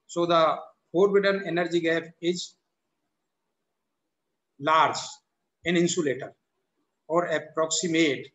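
Indian guy lecturing slow, keeps restarting, kinda high voice, roomy echo. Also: fairly even intonation, fairly bright tone. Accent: Indian English. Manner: halting, repeats itself, frequent "so the" and "or we can say" restarts. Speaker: university lecturer. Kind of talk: recorded classroom lecture.

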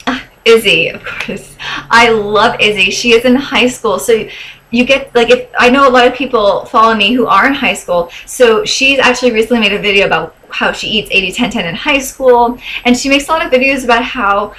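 A young woman chats casually to her camera as a vlogger, gushing with enthusiasm. Her voice sits a bit high, and she fills her talk with likes, ums and small laughs. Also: normal speed, pushed and bright, a little hiss or hum, poor audio. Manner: gushing, chatty, with fillers and laughs. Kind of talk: casual chat.

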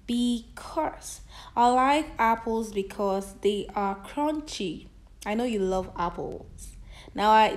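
A woman teaching a phonics lesson to children, sounding out letters and words slowly and repeating each one several times. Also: medium pitch, a little mellow.

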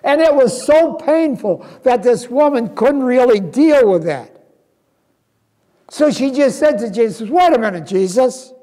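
A man's voice: very high-pitched, lively intonation, measured pace, dark tone. A male guest pastor preaching a sermon earnestly, asking his listeners rhetorical questions. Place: church sanctuary. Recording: long reverb in a church sanctuary.

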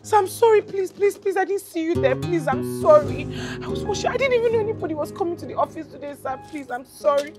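An actress playing a timid young cleaner with a Nigerian accent, apologetic and pleading in a film drama. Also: female voice, high-pitched, expressive, over music. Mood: panicked pleading. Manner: pleading, apologetic, fast rushed phrases. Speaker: office cleaner.

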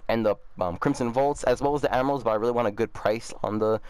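A man's voice: mid-range voice, fast, darkish tone, clean tone, no room sound. A man, a gaming YouTuber, talking casually and upbeat, full of fillers like "bro" and "um". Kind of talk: casual gaming chat and video outro.

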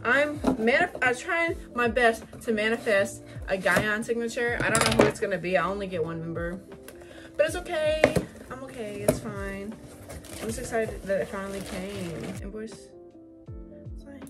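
A young woman hosting an excited unboxing vlog, gushing and swearing freely, squealing when excited. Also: mid-range voice, normal speed, loud music behind the voice. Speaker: vlogger.

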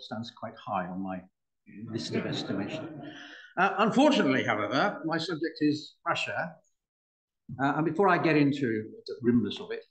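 A man's voice: medium pitch, dull audio. An older man from the United Kingdom giving a public lecture, with dry humor and frequent restarts. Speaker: guest speaker. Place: public hall. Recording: roomy hall.

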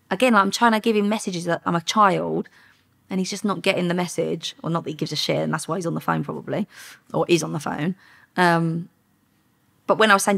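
In an interview, a former undercover officer, a woman with a low, gravelly, husky voice, recounts her story bluntly and candidly in frank language. She speaks quickly in a steady tone that's a bit bright.

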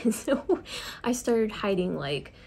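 A woman's voice: mid-range voice, sing-song, slow, gravelly, darkish tone, husky. A young adult woman chatting in a confiding, self-deprecating way while doing her makeup, telling a story from her school years. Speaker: vlogger. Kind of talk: get-ready-with-me storytelling.

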